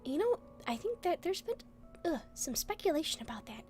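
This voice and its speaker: A woman's voice: very high-pitched, big pitch swings, brisk, darkish tone, soft background music. A young woman streaming, chatting casually, giggling often and hiccuping now and then. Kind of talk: casual chat.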